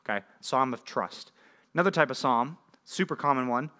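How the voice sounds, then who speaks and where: A man's voice: medium pitch, lively intonation, normal speed, pushed and bright. A man preaching a sermon as a pastor, talking casually and often checking in with questions to his listeners. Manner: conversational, asks the audience frequent questions. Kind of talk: sermon teaching.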